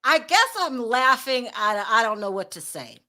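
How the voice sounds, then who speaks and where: A woman with a high, bright voice hosts a gossip livestream. Her pitch swings widely as she talks. She gives her opinions bluntly and greets viewers in her chat. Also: animated, moderate pace. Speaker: host. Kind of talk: celebrity gossip livestream commentary.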